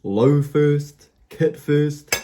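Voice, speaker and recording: Excited young man vlogging his car. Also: on the high side, drawn-out words, a little hiss or hum. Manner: excited, slangy, addressing viewers. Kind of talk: casual vlog chat. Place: in and around a car, outdoors.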